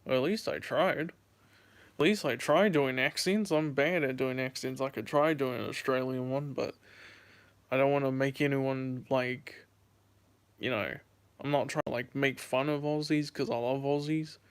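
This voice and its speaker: A young man from the United States, late teens, chats on a phone livestream in a smooth, medium-pitched voice with a steady tone and moderate pace. He rambles, repeating himself as he fields questions from chat.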